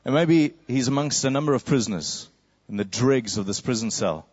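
A man's voice: medium pitch, animated, moderate pace, darkish tone, husky, highs cut off. A man preaching a sermon, telling a story vividly and acting out a crowd's cries.

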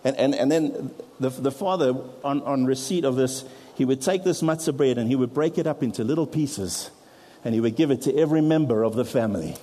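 A man's voice: mid-range voice, brisk, mellow, big-room sound. A man preaching a sermon, explaining step by step with props and light self-deprecating asides. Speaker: pastor.

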